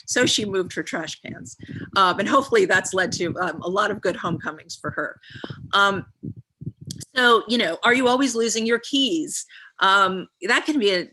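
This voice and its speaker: Bright-toned woman guiding a visualization. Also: mid-range voice, slightly rough. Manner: asks a long string of reflective questions with frequent ums. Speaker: guest speaker. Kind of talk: guided visualization talk on a live stream.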